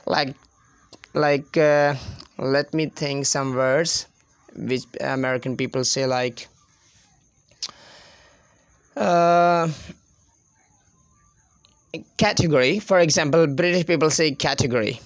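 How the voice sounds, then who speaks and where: A man's voice: fairly high pitch, steady tone, slow pace, pauses often, clean tone, dry recording. Man, Pakistani accent, English tutor, repeats words to demonstrate, close dry sound. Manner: laughs often, repeats words to demonstrate pronunciation. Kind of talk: casual spoken English lesson.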